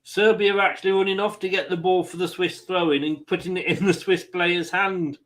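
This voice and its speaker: A man hosting a football watchalong, giving excitable casual commentary on the match and laughing easily. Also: high voice, brisk. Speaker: watchalong host.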